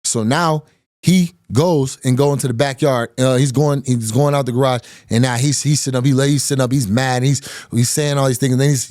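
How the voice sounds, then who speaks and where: A man in his thirties recounts a heated confrontation in a loose, animated way, acting out what others said and circling back over his own words. His voice sits at an ordinary pitch and sounds close and dry, with no room around it. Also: fairly quick, no room sound. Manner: animated retelling, quotes others, repeats phrases. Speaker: podcast host telling a personal story. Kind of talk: casual storytelling.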